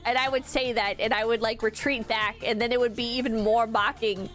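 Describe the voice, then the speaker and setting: Young female streamer, high-pitched, loose rambling delivery with frequent fillers; soft music bed. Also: steady tone, brisk, few pauses. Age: young adult. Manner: rambling, frank, swears often, many fillers. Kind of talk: casual stream chat.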